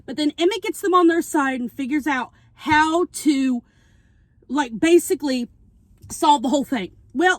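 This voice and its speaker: A woman's voice: high-pitched, no room sound. A woman vlogging from her car, recapping a movie plot in casual, rambling talk and acting out the characters' lines as she eats. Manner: rambling, animated, acts out quotes. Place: in a parked car. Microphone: phone camera.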